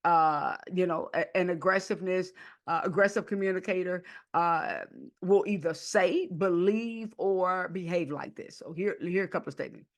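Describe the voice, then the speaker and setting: A woman hosting a podcast, teaching in a lively way with many repeated words and restarts, sometimes acting out rude people in a raised voice. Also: on the low side, moderate pace. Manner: animated, acts out rude people in a raised, whiny voice. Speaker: podcast host and counselor.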